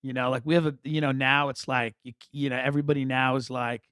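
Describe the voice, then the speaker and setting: A man hosting a podcast, telling comic stories in a rambling, wry, animated way. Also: mid-range voice, fast talker, no room sound, clean studio sound. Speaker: podcast host. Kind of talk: comic storytelling monologue.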